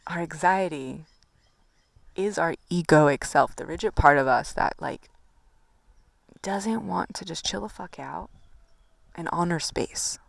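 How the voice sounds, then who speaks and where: A woman's voice: fairly low pitch, takes it slowly, gravelly, pauses often, no echo. A woman coaching on anxiety in a loose, casual monologue, full of swearing and fillers. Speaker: spiritual coach.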